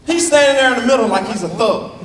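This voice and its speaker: A man's voice: extremely high pitch, fast talker, a crowd in the background. A young man doing stand-up, telling stories and acting out the people in them in shifting voices. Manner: animated, acts out characters in shifting voices. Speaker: stand-up comedian. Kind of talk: stand-up storytelling. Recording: roomy hall, mic at a distance.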